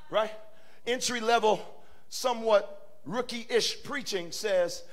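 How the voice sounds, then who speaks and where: A male pastor preaching a sermon in a church, animated and swinging from quiet talk to shouting. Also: high voice, measured pace, pauses often. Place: church sanctuary.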